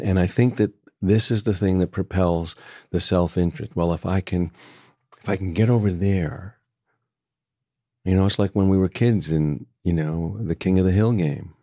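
A man with a deep voice speaks reflectively in a conversation, taking his time and circling back on his phrases. His tone is warm and mellow. He sounds close to the mic in a dry, dead space. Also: dry recording. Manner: thoughtful, unhurried, with frequent restarts. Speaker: author guest.

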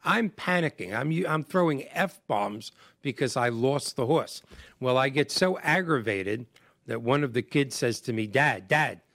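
A man hosting a show, telling a casual story in an animated way and joking against himself. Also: mid-range voice, measured pace, no echo, clean studio sound. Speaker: host.

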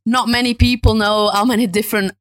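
A woman's voice: on the high side, steady tone, fast, no echo, studio quality. A woman co-hosting a podcast, asking questions in a friendly, casual way and laughing easily. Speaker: podcast co-host.

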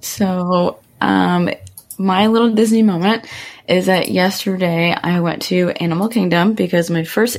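A woman co-hosting a podcast, telling a personal story in casual chat with lots of fillers. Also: on the low side. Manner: chatty storytelling with many fillers. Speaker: podcast co-host.

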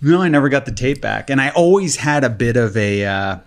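Deadpan man telling an anecdote. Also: medium pitch, fairly quick. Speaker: podcast co-host. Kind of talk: casual storytelling chat.

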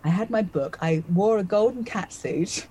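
A husky-voiced woman in her fifties spins a personal anecdote for a podcast host, moving quickly from scene to scene. She acts out her own thoughts along the way, and her voice is mid-pitched with a breathy edge. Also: mellow, poor audio. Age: 50s. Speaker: podcast guest, magician. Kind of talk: animated storytelling in a conversation.

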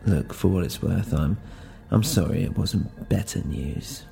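A man voicing a doctor who gives bad news softly and hesitantly. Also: deep voice, animated, unhurried, vocal fry, faint music behind, full character voice. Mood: gentle. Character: male doctor giving bad news, gentle and measured.

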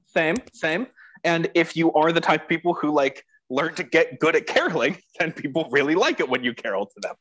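A man's voice: a little high, expressive, brisk, a bit bright. A man co-hosting a casual podcast, enthusiastic and laughing often. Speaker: podcast co-host.

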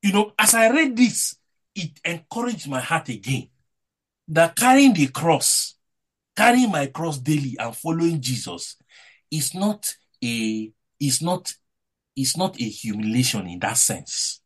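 A man's voice: on the high side, very animated, unhurried, slightly rough. A man preaching a devotional sermon with emphatic delivery, his voice rising and falling between points.

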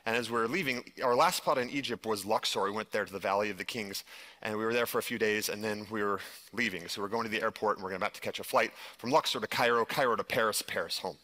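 A man speaks to a live audience in a bright, forward voice. He tells his story with animation and fills his talk with "like". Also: lowish voice, quick pace. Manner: animated storytelling, heavy use of "like". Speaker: conference speaker. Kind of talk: live stage presentation.

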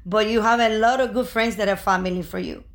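A woman's voice: medium pitch, quick pace. An older woman, mother of the host, telling a rambling, emotional family story with many restarts in casual chat.

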